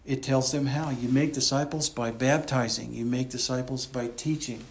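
A man delivering a teaching sermon from the pulpit, in a voice of ordinary middle pitch. He talks in an easy, conversational way, walking listeners through the text and circling back to restate each point. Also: fairly even intonation, moderate pace. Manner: conversational, explains and repeats points. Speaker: pastor. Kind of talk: expository sermon.

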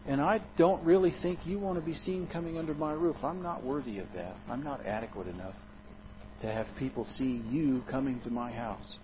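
A man preaching a sermon in an expressive, dramatic way, often swinging his loudness and pitch. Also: normal speed, lo-fi sound, noisy background.

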